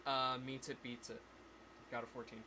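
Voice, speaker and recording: A man acting as game master on a live stream, thinking aloud with many pauses as he runs the scene. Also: mid-range voice, flat delivery, sharp tone, a little hiss or hum.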